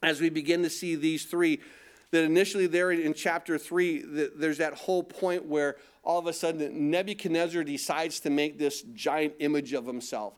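A man's voice: a little high, steady tone, normal speed. A man preaching a sermon, asking the congregation questions and answering them, building in intensity as he goes. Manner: call-and-response questions, rising in intensity. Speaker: pastor.

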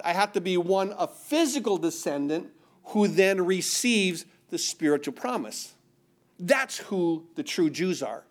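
A high-voiced middle-aged man preaching with emphasis. He keeps asking the room questions and answering them himself in a sermon rhythm. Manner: call-and-response questions, emphatic. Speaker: pastor.

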